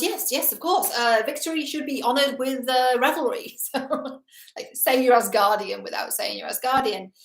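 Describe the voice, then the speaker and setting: A woman's voice: medium pitch, a bit bright. Chatty woman with a roomy echo. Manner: enthusiastic and chatty. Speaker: film analysis video host. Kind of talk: casual film commentary.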